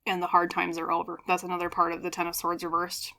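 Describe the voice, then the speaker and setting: A woman's voice: lowish voice, monotone, fast talker, gravelly, pushed and bright. A woman giving a pick-a-card tarot reading, chatty and earnest, often checking in with "okay?" and apologizing as she goes. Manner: earnest and apologetic, openly emotional. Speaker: tarot reader.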